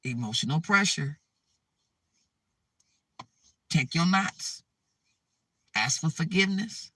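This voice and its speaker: A man with a slightly high, sharp-toned voice delivers a preachy spiritual monologue to his viewers, recorded on a distant mic with no echo. The host of a spiritual advice channel, he repeats himself urgently and keeps checking in with "okay?".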